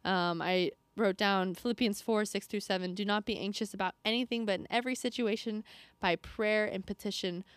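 A young woman co-hosting a faith podcast, talking in a chatty, animated way with lots of fillers. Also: mid-range voice, a little fast, dry recording. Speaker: podcast co-host. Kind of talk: casual faith chat.

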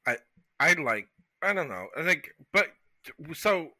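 A man from the United States co-hosting a podcast in casual chat, profane and expressive, with lots of "like.". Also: a little high, measured pace, no echo. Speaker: podcast co-host.

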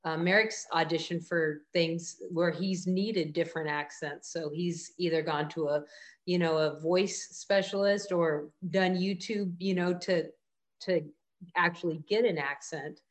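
A woman's voice: on the low side, fairly even intonation, measured pace. A woman hosting an interview, engaged and asking follow-up questions about acting. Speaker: interview host. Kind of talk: conversational interview.

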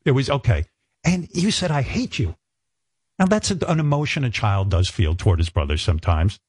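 A man's voice: medium pitch, wildly swooping pitch, brisk, darkish tone, slightly rough, no room sound, studio quality. A man in his sixties hosting an interview, pressing his guest with mock-earnest questions. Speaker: radio host.

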